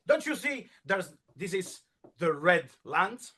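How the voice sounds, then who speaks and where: A man playing hot-headed Red, high and shouty. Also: big pitch swings, takes it slowly, slightly rough, exaggerated voice. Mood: indignant. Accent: Italian. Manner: shouting, alarmed. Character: proud hot-tempered male color Red.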